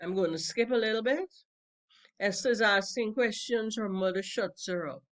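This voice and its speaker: A woman reading a play aloud to a class in a measured, explanatory way. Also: on the high side, a bit bright.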